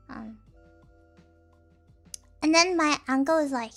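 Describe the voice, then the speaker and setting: A woman's voice: high voice, slow pace, long pauses, a bit bright, faint music behind. A young woman streamer telling a rambling story in casual chat, full of fillers and restarts.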